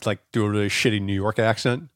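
A man's voice: fairly low pitch, steady tone, quick pace, smooth, no echo, studio quality. A man co-hosting a podcast, talking loosely and thinking aloud with many fillers. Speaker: podcast co-host. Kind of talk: casual podcast banter.

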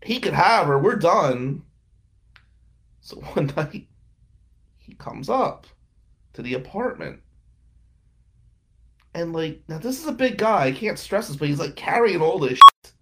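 A man's voice: a little high, very animated, measured pace, pauses often, pushed and bright. A man casually telling wry stories about past roommates and girlfriends, with frequent laughing asides. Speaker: podcast guest telling stories. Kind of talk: casual storytelling.

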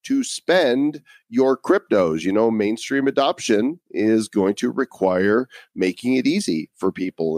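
A man's voice: on the low side, a little mellow, no room sound, clean studio sound. A man hosting a podcast in casual chat, joking and laughing often between points. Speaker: podcast host.

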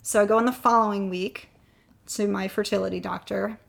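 Woman with a gravelly voice telling a personal story. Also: mid-range voice, steady tone, brisk. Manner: candid, emotional, getting choked up at times. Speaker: guest sharing her fertility story.

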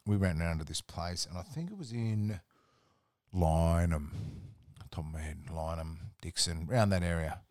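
An Australian man with a fairly low voice tells rambling work stories as a podcast guest. His talk is relaxed and full of swearing. The sound is dry and close, with no room to it. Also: moderate pace, no room sound. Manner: laid-back, sweary, rambling anecdotes. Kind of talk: casual storytelling chat.

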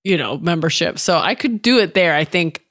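A woman's voice: fairly low pitch, lively intonation, normal speed, fairly bright tone. A woman co-hosting a fitness podcast, chatting candidly with jokes and casual swearing. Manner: candid, joking, casually profane. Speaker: podcast co-host. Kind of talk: casual chat.

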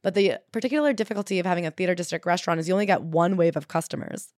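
A woman co-hosting a casual book chat, gossipy and animated, reading quotes aloud. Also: fairly low pitch, rapid-fire, no room sound, clean studio sound. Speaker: podcast co-host.

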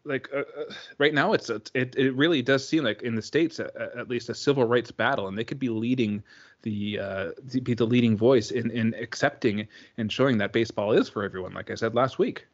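Guy co-hosting a baseball podcast, keeps restarting his sentences, kinda dull lo-fi audio. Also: mid-range voice. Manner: halting, many restarts and repeated words. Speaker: podcast co-host. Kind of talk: casual chat.

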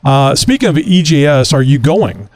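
A man's voice: fairly high pitch, big pitch swings, normal speed, darkish tone. A man from Texas hosting a casual talk show, rambling with many fillers. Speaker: podcast host.

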